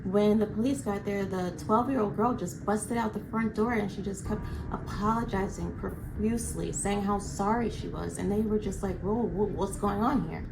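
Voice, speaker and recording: A woman's voice: medium pitch, rough recording. A woman narrating a crime story in a casual, chatty way, with a slight lisp from her aligners. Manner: chatty, explains as she goes. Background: music.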